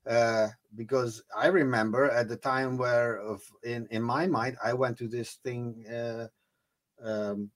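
A Dutch-born man talking in English as a guest DJ, his sentences halting and restarting as he searches for words. He laughs easily, and his pitch sits in a middle range. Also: fairly even intonation. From Netherlands. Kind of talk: casual interview chat.

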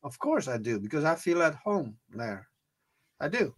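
A man's voice: fairly high pitch, sing-song, normal speed, breathy edge. A man from the Netherlands, a native Dutch speaker, chatting as a guest DJ in an interview. He talks hesitantly, restarts often and laughs easily. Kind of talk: casual interview chat.

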